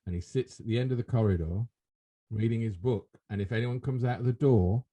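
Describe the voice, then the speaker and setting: A British man in casual conversation, voice mid-pitched and husky. He talks with indignation and keeps asking rhetorical questions. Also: fairly quick, dark tone. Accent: British English. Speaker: podcast co-host. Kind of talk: casual chat.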